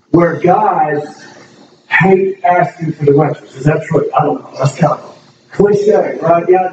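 A man's voice: sits high, darkish tone. A middle-aged man giving an earnest, rambling testimony to a congregation, speaking emotionally with frequent restarts. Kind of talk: casual spoken testimony to a congregation. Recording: echoey room, distant mic, dull and noisy.

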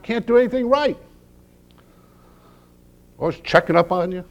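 A middle-aged male pastor preaching a sermon with humorous stories, dropping to hushed low lines and rising to loud emphatic peaks. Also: normal speed. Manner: humorous storytelling.

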